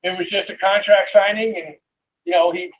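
A man's voice: high voice, little pitch movement, normal speed, phone-quality sound, slight background noise. A man co-hosting a casual wrestling review show, talking hesitantly with lots of fillers. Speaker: podcast co-host.

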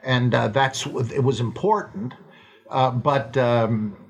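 A man hosting a podcast, talking off the cuff in a slow, rambling way, full of fillers and restarts, now and then acting out quoted lines in playful voices. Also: mid-range voice, fairly even intonation. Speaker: podcast host answering listener questions. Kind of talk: unscripted monologue.

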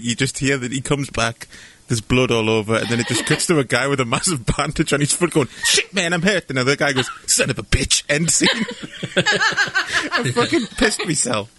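A man's voice: medium pitch, brisk, background noise. A man co-hosting a podcast, cracking jokes and acting out silly bits of dialogue. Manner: jokey, acts out silly dialogue. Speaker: podcast co-host. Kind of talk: casual film-review chat.

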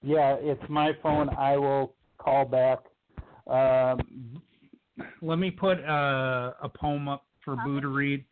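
A man's voice: mid-range voice, fairly even intonation, slow pace. A man co-hosting a poetry radio show, keeping things moving. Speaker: co-host. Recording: tinny phone line.

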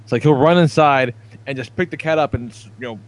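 A man's voice: medium pitch, a little fast. A man in his thirties telling rambling, profane stories on a casual podcast. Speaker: podcast co-host.

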